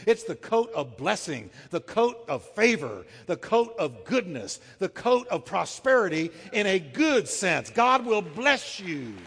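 A man's voice: high-pitched, fairly bright tone, big-room sound. A man preaching a sermon as pastor. He talks emphatically, repeats his phrases and has the congregation say lines back to him.

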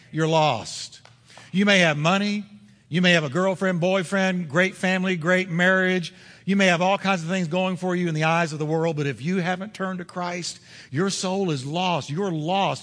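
Emphatic preacher with a high, bright voice. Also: male voice, in a large hall. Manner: preaching with emphatic repetition, slowing for stress. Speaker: pastor. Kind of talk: sermon.

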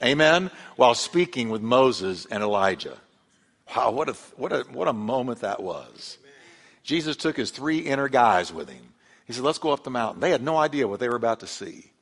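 A male pastor preaching a sermon, telling the story with lively emphasis and acting out the voices he quotes. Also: mid-range voice, moderate pace. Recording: long hall reverb.

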